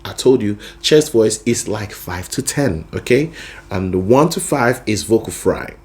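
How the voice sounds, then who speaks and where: Male vocal coach, unhurried delivery, very expressive pitch, keeps asking "okay?". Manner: lively, checks in with the listener often. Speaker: singing teacher. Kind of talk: explaining with sung demonstrations.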